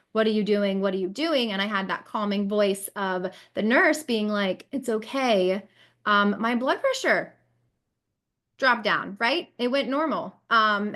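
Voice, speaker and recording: A woman in her thirties speaks as a guest on a conversational podcast. Her voice sits at an ordinary middle pitch, and she tells a personal story earnestly, acting out what others said and pausing on frequent fillers. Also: bright, forceful tone.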